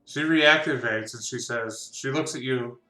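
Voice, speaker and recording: Bright-voiced man running a tabletop game. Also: mid-range voice, a little slow, soft background music. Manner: rambling, full of fillers and restarts. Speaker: game master. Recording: echoey room.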